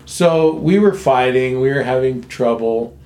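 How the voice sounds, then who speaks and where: In an echoey room with faint ambience, a man in recovery tells a family story as a guest, speaking frankly and bluntly and swearing freely. His mid-range voice has a darkish tone and lively intonation, and he takes his time.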